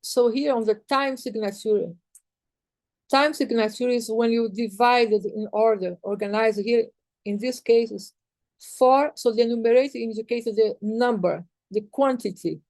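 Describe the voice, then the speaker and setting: Higher-pitched woman teaching rhythm notation. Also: unhurried, darkish tone, no room sound. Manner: patient, repetitive, counts and sings rhythms on "ta". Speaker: music teacher. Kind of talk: explaining music rhythm notation.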